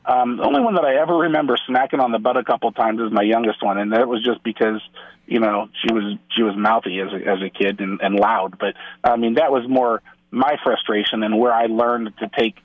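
A man's voice: medium pitch, brisk, narrow, tinny audio. A middle-aged man, a guest on a Catholic radio show, talking casually and acting out quoted dialogue as he tells stories, with many restarts. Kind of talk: casual radio interview talk.

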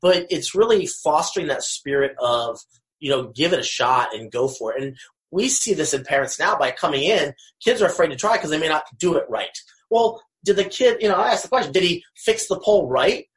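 A man from Florida, a co-author speaking as an interview guest in a relaxed, casual way. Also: on the high side, a little fast.

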